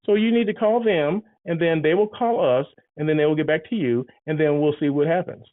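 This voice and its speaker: A man putting on the voice of a polite hotel front desk clerk in a higher, chirpy customer-service tone. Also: a little fast, no room sound, natural voice. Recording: tinny phone-like sound.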